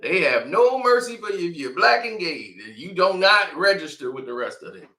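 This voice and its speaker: A man's voice: high-pitched, animated, normal speed, bright, forceful tone, echoey room. A man giving casual, slangy commentary and telling stories, laughing often between lines. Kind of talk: animated commentary and storytelling.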